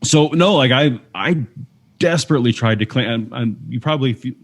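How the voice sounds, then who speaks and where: A man's voice: medium pitch, normal speed. A man from Canada speaking as a guest in a candid interview, earnest and searching, often restarting his sentences. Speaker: podcast guest.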